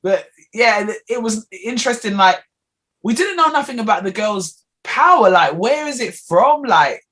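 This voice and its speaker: A woman's voice: on the high side, animated, normal speed, a bit bright. A woman co-hosting a podcast, chatting casually and animatedly with lots of fillers. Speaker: podcast co-host. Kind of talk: casual chat.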